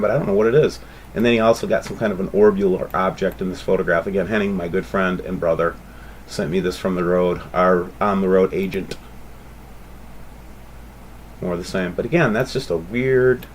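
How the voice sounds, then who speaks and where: Man, channel host, casual rambling commentary, excitable, somewhat low pitch. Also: a little hiss or hum. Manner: rambling, excitable, addresses viewers as guys. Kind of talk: casual video commentary over photos.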